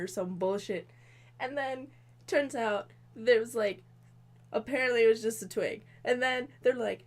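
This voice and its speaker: Rambling, profane woman in her twenties. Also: on the high side. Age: 20s. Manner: rambling, profane, exasperated storytelling. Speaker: comedy video host. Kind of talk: tipsy comedic movie recap.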